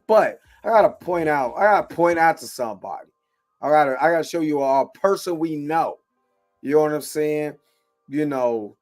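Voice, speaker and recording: A man hosting his own commentary show in a loose, casual way, repeating filler phrases and jumping between soft and loud. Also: on the high side. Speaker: show host.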